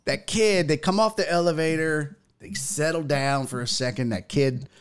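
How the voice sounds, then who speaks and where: A man hosting a podcast, telling a story in casual chat, profane and animated. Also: normal speed, clean tone. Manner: animated, profane, acts out quotes in a loud high voice. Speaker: podcast host.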